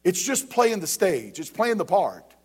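A man's voice: high-pitched, very animated, measured pace, darkish tone, breathy edge. A man preaching a sermon as pastor, emphatic and repetitive, speaking straight to the congregation.

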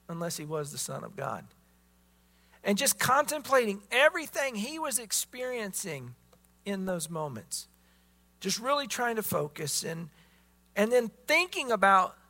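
A man's voice: high-pitched, bright, forceful tone. A man preaching a sermon as pastor, emphatic, often repeating words as he presses his points.

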